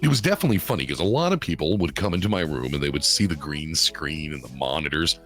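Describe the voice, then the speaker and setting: A man's voice: a bass voice, fast talker, faint music behind. A man co-hosting a casual podcast, telling stories with lots of swearing and acting out other people in exaggerated voices. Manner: animated storytelling, acts out other people in swinging voices, swears a lot. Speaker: podcast co-host, streamer. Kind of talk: casual chat.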